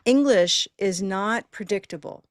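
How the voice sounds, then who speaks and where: A woman's voice: mid-range voice, measured pace, dry recording, clean studio sound. A woman hosting a live online pronunciation class, talking in an upbeat, encouraging and chatty way through a computer microphone.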